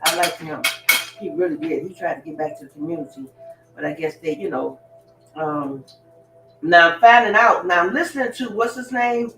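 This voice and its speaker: A woman's voice: lowish voice, moderate pace, recorded from a distance, music in the background. Rambling woman talking off-mic in kitchen. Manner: loose, blunt storytelling with profanity and laughs. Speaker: livestream host. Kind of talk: rambling casual monologue. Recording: roomy, off-mic with kitchen clatter.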